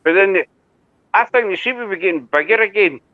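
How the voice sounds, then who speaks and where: A man's voice: high voice, lively intonation, brisk, no echo. Scottish man on a tinny line. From Scotland. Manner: rambling, swears casually. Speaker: panelist on live stream. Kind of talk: casual chat. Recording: tinny phone-like line, dry.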